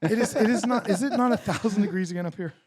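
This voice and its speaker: A middle-aged man hosting a podcast, telling a long story in casual chat, animated, swearing and laughing. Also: high-pitched, fast, no room sound, clean studio sound. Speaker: podcast host.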